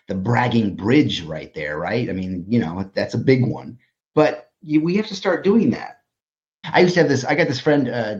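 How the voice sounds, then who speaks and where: A middle-aged man, hosting a podcast in casual conversation, telling stories animatedly and swearing freely. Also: lowish voice. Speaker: podcast host and designer. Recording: muffled lo-fi audio.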